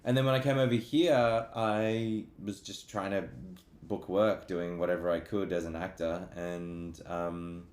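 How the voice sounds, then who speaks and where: A man's voice: sits low, steady tone, unhurried, darkish tone. An easygoing Australian man, a voice actor, chatting casually on a couch during a livestream. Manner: easygoing, rambling. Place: on a couch indoors. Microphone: camera or phone on a livestream. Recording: roomy echo, faint ambient noise.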